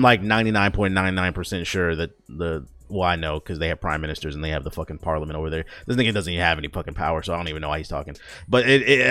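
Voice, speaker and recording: A man's voice: low-pitched, fairly bright tone. A man hosting a casual solo podcast, joking and ranting with lots of swearing and restarts. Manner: profane, joking, rambling with restarts. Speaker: podcast host.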